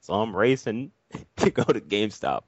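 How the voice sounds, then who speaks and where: A man telling a long story in casual chat, animated and full of swearing. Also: on the low side, moderate pace, breathy edge, no room sound. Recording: dry, dull lo-fi audio.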